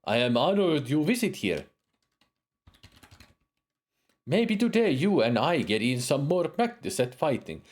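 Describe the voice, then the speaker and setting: A man's voice: fairly high pitch, sing-song, moderate pace, voice pushed up. A man voicing a proud spear-fighting warrior woman in broken English with a wandering put-on accent. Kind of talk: reading game dialogue aloud in character.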